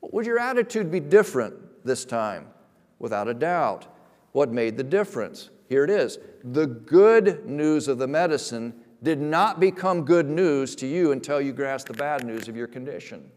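A man preaching a sermon as a pastor, emphatic, rising to loud, slowed stresses and dropping to quiet asides. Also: mid-range voice, animated. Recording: long reverb of a large hall.

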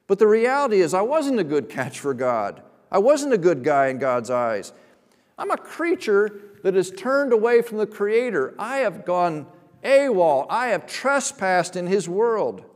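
A man preaching a sermon as a pastor, emphatic, rising to loud, slowed stresses and dropping to quiet asides. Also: high-pitched, big pitch swings. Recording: long reverb of a large hall.

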